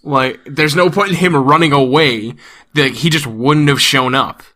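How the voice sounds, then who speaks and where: A man in a casual podcast chat, chiming in with quick, amused corrections. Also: fairly high pitch, sharp tone.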